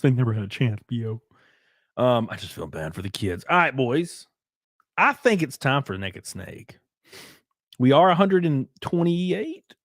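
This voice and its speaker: A man's voice: mid-range voice, no echo, clean studio sound. A man hosting a casual livestream, crude, joking and rambling. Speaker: livestream host.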